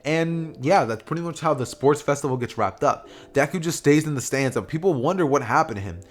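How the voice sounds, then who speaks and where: A man's voice: a little high, lively intonation, a little fast. A young man casually narrating an anime what-if story, rambling with lots of fillers and restarts. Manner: rambling, filler-heavy retelling.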